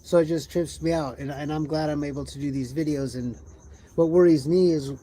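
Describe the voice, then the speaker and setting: A man's voice: on the high side, fairly even intonation, a little fast, warm tone, slight background noise. A tired man hosting a livestream, rambling loosely and asking himself questions as he thinks aloud. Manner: loose, musing, wandering talk with rhetorical questions. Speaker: livestream host. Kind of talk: rambling casual livestream chat.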